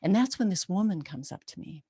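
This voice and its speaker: Woman storyteller, vivid and conversational, slightly low voice, dry close sound. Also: lively intonation, brisk, mellow, breathy edge, no echo. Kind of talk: personal storytelling.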